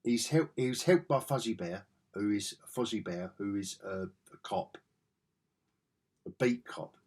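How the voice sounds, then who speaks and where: Guy gushing about comics, raspy voice, real slow and easygoing. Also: fairly low pitch, animated, a little mellow. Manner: enthusiastic, chatty. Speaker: comic book reviewer. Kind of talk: casual review vlog.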